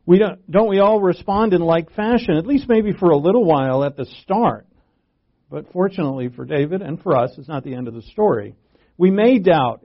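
A man preaching a sermon with a gravelly, slightly high voice. He talks in a conversational way and grows animated when he quotes. The recording sounds dull and lo-fi. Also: moderate pace. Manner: conversational, animated when quoting, asides and chuckles.

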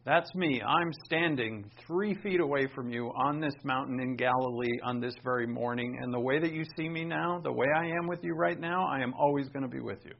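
A man preaching a sermon, animated, swinging between emphatic bursts and quiet asides. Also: a little high, moderate pace, gravelly, hardly any pauses. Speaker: pastor. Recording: dull lo-fi sound.

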